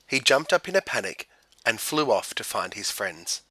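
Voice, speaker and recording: A man reading a children's picture book aloud in an expressive storytelling manner. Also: lowish voice, normal speed, slightly rough, dry recording. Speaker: storybook reader.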